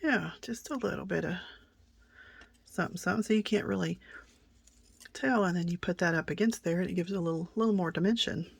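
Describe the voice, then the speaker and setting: A middle-aged woman hosting a craft tutorial, telling rambling stories while she works, often dropping to a soft near-whisper. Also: on the low side, a little fast, vocal fry, long pauses, slightly rough, no echo. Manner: chatty, rambling, many fillers and restarts. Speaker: craft channel host.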